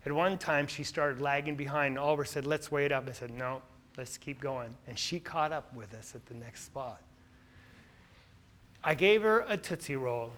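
A man, a missionary speaker, tells stories from his trips over photos with earnest feeling that turns lively. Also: a little high, normal speed. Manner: earnest, turning lively and laughing in anecdotes. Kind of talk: storytelling slide presentation.

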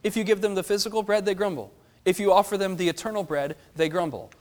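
A man leading a Bible study, explaining verses and asking the group questions in an animated way. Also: high voice, fast, a little hiss or hum. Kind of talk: teaching a Bible class.

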